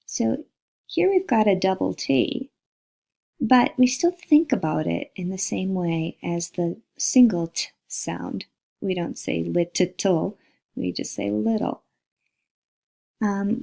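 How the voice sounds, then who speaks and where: A woman teaching linguistics walks through slides in a recorded lecture, saying example words aloud to model each sound. Her mid-range voice is gravelly and warm, with lively intonation and an unhurried pace.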